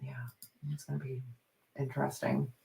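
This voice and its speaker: A woman's voice: moderate pace, gravelly. A woman hosting a writing livestream, chatting casually as she reads out viewers' progress updates. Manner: animated, acts out quoted people with big pitch jumps.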